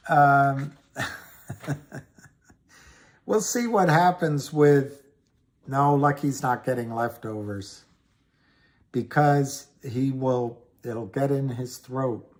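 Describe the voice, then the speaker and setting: A man hosting a casual livestream, chatting slowly and rambling while reading viewer comments aloud. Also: mid-range voice. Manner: slow, rambling, reads chat comments aloud. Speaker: livestream host. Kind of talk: casual livestream chat about stocks.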